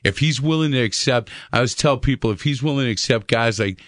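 A man's voice: medium pitch, fast talker, fairly bright tone, no echo, clean studio sound. A man hosting a Christian radio talk show, earnest, with many fillers and repeated words.

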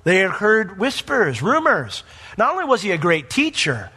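A male pastor preaching a sermon in an animated, conversational way, acting out the quotes. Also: high-pitched, moderate pace, slightly rough, in a large hall.

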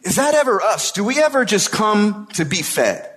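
A man's voice: sits high, very animated, normal speed, a bit bright, slightly rough. A man preaching a sermon in a casual, conversational way, often checking in with his listeners. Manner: conversational preaching, tag questions like "right?". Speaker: pastor.

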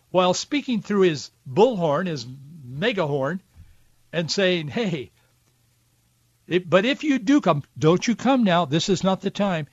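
A man's voice: on the high side, dry recording, highs cut off. A man hosting a podcast, delivering an emphatic, preachy political commentary monologue. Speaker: podcast host.

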